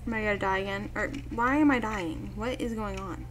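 A young woman giving let's play commentary as host, excitable and yelping at the game. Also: on the high side, moderate pace, a little hiss or hum. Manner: excitable, yelps and shouts at the game. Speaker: gaming video host.

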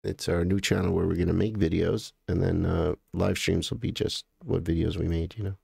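An American man hosting a live stream, chatting casually and in a halting, rambling way as he greets viewers by name. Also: deep voice, steady tone, gravelly, mellow, slightly rough, no room sound, clean studio sound.

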